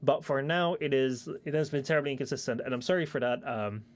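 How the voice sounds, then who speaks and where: A man's voice: medium pitch, fast talker. A young man chatting casually on his stream, rambling with lots of fillers and casual swearing, into a shotgun mic at his home desk. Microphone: shotgun microphone at a streaming desk.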